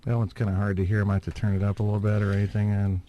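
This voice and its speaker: A man's voice: fairly low pitch, little pitch movement, very fast, over loud music. A man hosting a podcast, chatting casually in a rambling, hesitant way with many fillers and chuckles. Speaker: podcast host. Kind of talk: casual chat.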